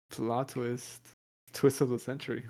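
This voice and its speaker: Slow and dark-toned, with little movement in pitch, a man co-hosting a podcast jokes around crudely and casually. His laughter comes often, his humor is loose, and he drops into silly high voices now and then.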